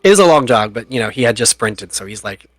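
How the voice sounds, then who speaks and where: A man's voice: medium pitch, big pitch swings, fast talker, dry recording, faint music behind. Chatty male game master, dry close mic. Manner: chatty, laughs often at his own jokes. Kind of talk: narrating a tabletop game.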